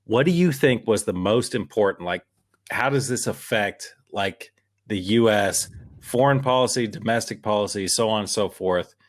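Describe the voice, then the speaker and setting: Low-pitched and moderately paced, a male co-host rambles emphatically through casual political podcast chat, clearly worked up.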